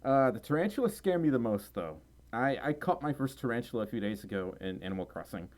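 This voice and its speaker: Lively, giggly streamer in a fursuit. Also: mid-range voice, fast. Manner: rambling and giggly, reads viewer messages aloud. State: tired and a little out of breath. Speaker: livestream host reading chat and donations. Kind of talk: casual livestream chat. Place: at home at a desk with microphone and keyboard. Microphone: desk microphone close by.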